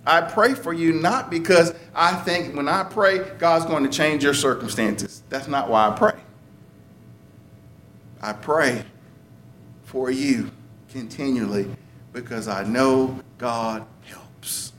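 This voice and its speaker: A man's voice: mid-range voice, slow, fairly bright tone, slight background noise. A man preaching a sermon in a conversational way, chuckling and lifting his voice for emphasis.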